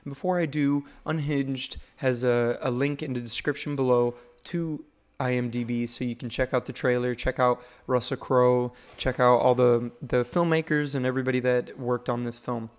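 A man hosting a casual livestream about new home-video releases, rambling and halting with many fillers. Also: medium pitch, steady tone, clean tone. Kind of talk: casual live-stream commentary.

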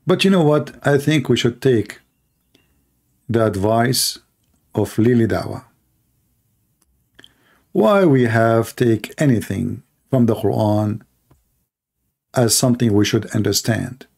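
A man's voice: medium pitch, expressive, slow, gravelly, pauses often, darkish tone. A man hosting a live call-in stream, mocking and repeating his phrases as he talks to callers and the audience.

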